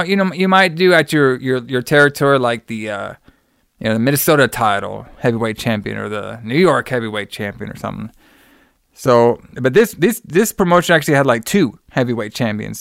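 A male podcast co-host in casual chat, telling stories with animated energy and swearing freely. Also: medium pitch, clear, resonant tone, no room sound, studio quality.

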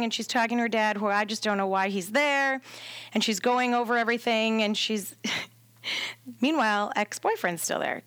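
A woman with a fairly high voice tells a story to podcast hosts. She talks casually and with a lot of energy, acting out the lines of the people in it. The close studio mic sounds dry. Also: no echo. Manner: animated, acts out quotes with laughs. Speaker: doula, podcast guest.

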